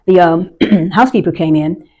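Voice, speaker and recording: A woman's voice: on the low side, normal speed, a little mellow. A woman in her sixties, an army veteran, telling a personal story in a candid and emotional way. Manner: candid, emotional, vivid recounting.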